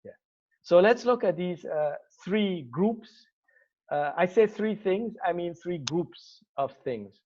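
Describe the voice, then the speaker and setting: A man teaching an online grammar lesson, spelling out terms slowly and calling on students by name. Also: high voice, lively intonation, darkish tone, lo-fi sound. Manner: slow, deliberate drilling of Arabic terms, calling on students.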